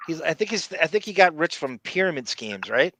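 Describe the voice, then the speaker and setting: A man's voice: on the high side, sing-song, fairly quick, pushed and bright, slight background noise. A man hosting a live podcast, chatting and speculating as he reacts to a clip and to viewer comments. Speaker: podcast host. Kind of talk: casual live podcast chat.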